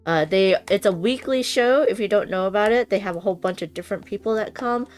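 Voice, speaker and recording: A woman's voice: mid-range voice, fast talker. A woman chatting casually with her live-stream viewers while unboxing a board game, bubbly, laughing often and using many fillers. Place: home room with noisy bathroom upstairs.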